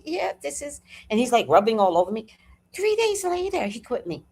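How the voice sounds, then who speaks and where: A woman with a slightly high voice, vocal fry, and a breathy edge hosts a live talk from home at a moderate pace. She swears casually while animatedly telling a personal story, acting out people's words.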